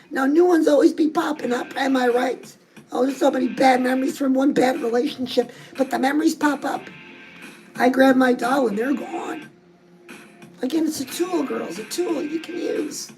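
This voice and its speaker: High-voiced sassy woman giving advice. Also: poor audio. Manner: chatty, sassy, calls listeners "girls". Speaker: dating coach. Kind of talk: direct-address advice talk. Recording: music playing behind the voice.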